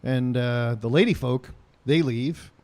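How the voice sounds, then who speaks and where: A man's voice: medium pitch, takes it slowly, a little mellow. A man hosting a casual podcast, telling a rambling story full of ums and uhs with dry jokes. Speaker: podcast host.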